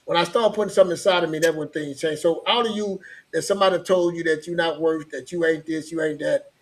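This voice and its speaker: Rambling storyteller man, a bit high. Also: steady tone, fast. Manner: rambling, repeats himself, laughs often. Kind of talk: storytelling in casual chat.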